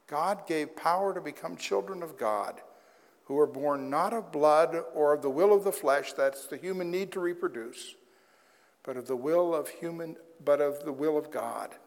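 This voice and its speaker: Guy preaching, slightly high voice, dry little jokes, big echoey church room. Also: unhurried. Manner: conversational, wry asides. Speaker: pastor. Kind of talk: sermon. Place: church sanctuary. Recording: long hall reverb.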